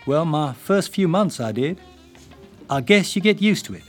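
Older Englishman's take on a bigoted Southern airman, put-on drawl, pitched up, blunt delivery. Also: animated, normal speed, faint music behind. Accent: put-on American Southern, English-tinged.

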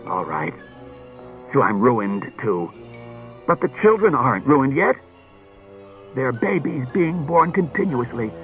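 A man voicing a sullen, fanatical male suspect who mutters and flares into shouts, heard through a tinny old radio broadcast. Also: mid-range voice, breathy edge, voice pushed up.

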